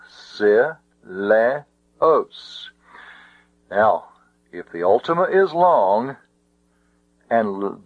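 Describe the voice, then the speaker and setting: A man teaching ancient Greek accents in a slow, methodical lecture, sounding out syllables one by one. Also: mid-range voice, no echo. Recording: dull dry lo-fi recording.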